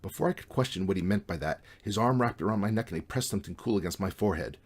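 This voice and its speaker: A man's voice: low-pitched, fast talker, few pauses, breathy edge. A man reading his own novel aloud in a casual, wry way. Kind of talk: audiobook reading.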